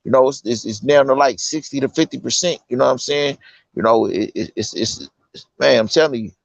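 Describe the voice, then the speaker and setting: A man's voice: medium pitch, fairly quick, vocal fry, no room sound. A man from California speaking in a middle voice, earnest and insistent, heavy on street slang and "you know what I'm saying." The recording is dull and lo-fi, with a close, dry sound and almost no room around him. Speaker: incarcerated guest. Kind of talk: casual conversation.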